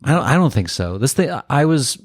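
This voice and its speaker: A man's voice: mid-range voice, big pitch swings, brisk. A man co-hosting a podcast who talks earnestly and with enthusiasm. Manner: earnest, enthusiastic, with fillers and restarts. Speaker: podcast co-host. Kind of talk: casual podcast chat.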